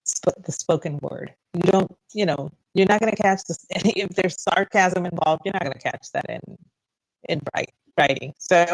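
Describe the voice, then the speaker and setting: A woman's voice: fairly low pitch, normal speed, no room sound, rough recording. A woman in her fifties co-hosting a casual radio chat show, talking freely and bluntly with frequent laughs, recorded in a radio studio. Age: 50s. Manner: chatty, laughs often, blunt. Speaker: radio co-host.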